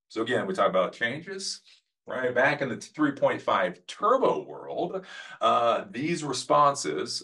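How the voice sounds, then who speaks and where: A man teaching a casual coding lesson, talking bluntly and rambling, with loud emphasis and mumbled asides. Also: low-pitched. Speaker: coding instructor.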